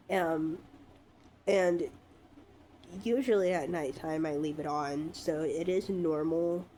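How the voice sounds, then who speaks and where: Stuffy-nosed woman vlogger, sick with a cold, unhurried and halting, lower mellow tone. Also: slight background noise. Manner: halting, with frequent ums. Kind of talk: casual vlog update. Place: her bedroom.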